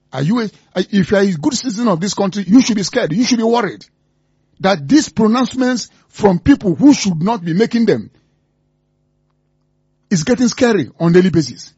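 A man's voice: high voice, a little mellow, slightly rough, no echo, lo-fi sound. A man with a Nigerian accent hosting a radio show, delivering impassioned commentary full of repeated rhetorical questions. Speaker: radio host.

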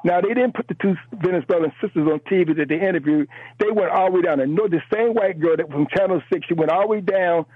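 Male call-in caller, fired up, repeats himself; husky, high-pitched, thin phone sound. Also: fast, no room sound. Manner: emphatic, repeats words, rambling. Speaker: radio show caller. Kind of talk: impassioned call-in commentary. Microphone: telephone. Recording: tinny phone line.

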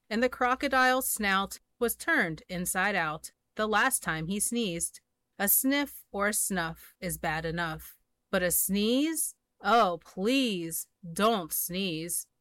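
A woman reads a rhyming children's book aloud at an unhurried, rhythmic pace. Her voice sits mid-range, recorded close and dry with no room sound. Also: medium pitch, lively intonation, pushed and bright, dry recording. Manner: slow, rhythmic rhyming delivery. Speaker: storybook reader. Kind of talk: children's story read-aloud.

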